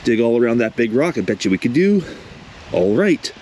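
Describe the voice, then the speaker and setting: A man's voice: medium pitch, big pitch swings, moderate pace, darkish tone. A man vlogging outdoors by a cold river while he pans for gold, chatting casually and exclaiming at what he finds. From Canada. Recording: wind noise on the mic.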